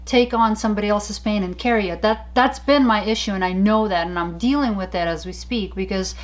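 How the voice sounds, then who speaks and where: A woman co-hosting a casual talk show, telling stories in an animated, chatty way with frequent laughter. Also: medium pitch, brisk. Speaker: podcast co-host. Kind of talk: casual chat.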